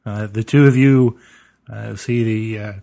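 A man narrating a tabletop game as game master, halting and full of "you know" fillers. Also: on the low side, steady tone, creaky, warm tone.

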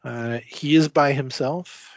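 A man running a tabletop role-playing game as game master, narrating slowly with many fillers. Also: mid-range voice, steady tone, vocal fry, no echo, muffled recording. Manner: slow, hesitant, many fillers.

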